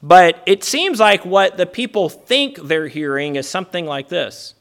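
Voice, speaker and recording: A man's voice: high-pitched, unhurried, gravelly. A man preaching a conversational sermon, often asking "right?" and acting out the crowd's lines. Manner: acts out the crowd's lines in a lively put-on voice.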